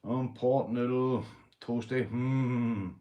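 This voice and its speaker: A Northern Irish man on a casual livestream, drinking beer as he talks, swinging from loud shout-outs to low, gruff muttering and swearing freely. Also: level tone, takes it slowly, echoey room, highs cut off.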